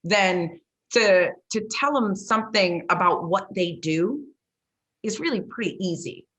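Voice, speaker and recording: A woman hosting a sports podcast, telling stories in a lively, chatty way with plenty of "like" and "you know". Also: mid-range voice, unhurried. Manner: lively storyteller, many "like" and "you know" fillers. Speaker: podcast host and former football coach. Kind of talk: casual interview chat.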